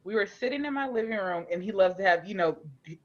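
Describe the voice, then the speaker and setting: A woman's voice: medium pitch, lively intonation, fast talker. A woman co-hosting a podcast, telling a heated story in emphatic casual chat. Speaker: podcast co-host. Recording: dull lo-fi sound.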